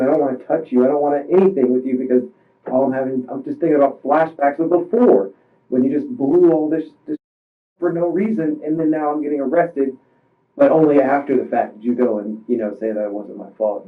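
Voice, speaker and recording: Distressed man, tinny distant recording. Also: mid-range voice. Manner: halting, rambling, full of restarts. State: distressed, voice strained. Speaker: suspect in police interrogation. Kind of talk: recounting events under questioning. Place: police interview room.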